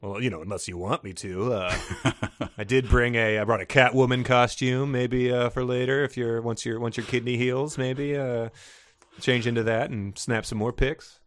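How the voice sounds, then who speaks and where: A man's voice: medium pitch, fairly even intonation, moderate pace, dry recording, clean studio sound, lightly acted. A man mocking a smug, lusty aristocrat. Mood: sleazy. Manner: mocking, smug inner monologue. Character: smug lusty male aristocrat hero, adult.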